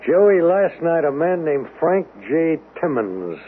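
An actor playing a blunt police lieutenant who presses a suspect with questions in a 1970s radio drama. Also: male voice, fairly high pitch, big pitch swings, takes it slowly. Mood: stern. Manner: pressing, interrogating. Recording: tinny old radio broadcast with faint hiss.

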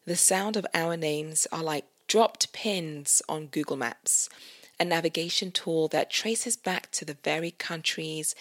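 A woman's voice: low-pitched, a little slow. A young British woman of Nigerian heritage hosting a podcast, reading a reflective essay aloud in an earnest way. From Britain, Nigerian heritage. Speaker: podcast host. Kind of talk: casual intro then read-aloud essay.

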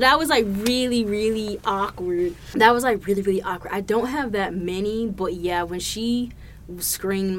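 Profane, animated woman podcast host. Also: medium pitch, normal speed. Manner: profane, animated, laughs a lot. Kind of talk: casual solo podcast storytelling.

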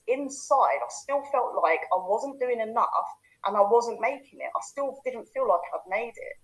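A woman's voice: mid-range voice, rough recording. Candid woman coach telling her story. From London, England. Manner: candid, conversational, checks in with "okay?". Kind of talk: personal life story to camera.

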